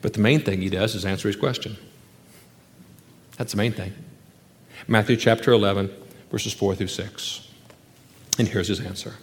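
A man preaching a sermon, emphatic, with rhetorical questions and sudden drops into hushed, quiet passages. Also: fairly low pitch, steady tone, normal speed, long pauses, big-room sound. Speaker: pastor.

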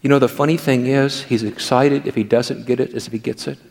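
A man's voice: mid-range voice, fairly even intonation, fairly quick, vocal fry, a little mellow, big-room sound. Older man preaching, storytelling playfully. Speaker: pastor. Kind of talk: sermon.

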